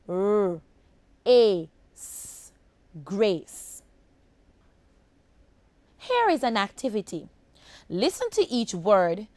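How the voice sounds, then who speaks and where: A Jamaican woman teaching a phonics lesson to children at a very unhurried pace. Her fairly high voice rises and falls a lot as she sounds out each word. The recording is close and dry. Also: no echo. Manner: slow, deliberate, addresses children as boys and girls.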